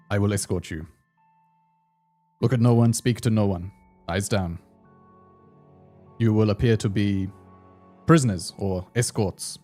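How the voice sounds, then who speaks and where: A man's voice: lowish voice, dark tone. A man voicing a stern, honorable male centaur escort in a put-on Russian accent, speaking in short, clipped phrases. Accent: mock Russian. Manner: clipped, terse broken phrasing.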